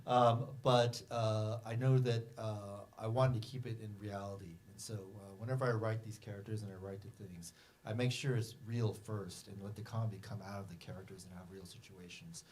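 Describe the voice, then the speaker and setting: Rambling, animated man at a film Q&A. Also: on the low side, a little fast, slight background noise. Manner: rambling, animated storytelling with many fillers. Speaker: film director answering audience questions. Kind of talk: festival Q&A talk. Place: movie theater.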